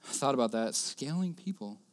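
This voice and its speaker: A man's voice: mid-range voice, animated, brisk. A man preaching a sermon, telling a personal story earnestly and repeating key phrases.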